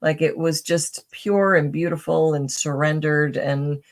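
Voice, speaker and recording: A woman's voice: deep voice, fairly even intonation, unhurried. A middle-aged woman, a podcast guest, telling personal stories in a chatty way with many fillers, restarts and a tag "right?". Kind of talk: casual interview storytelling.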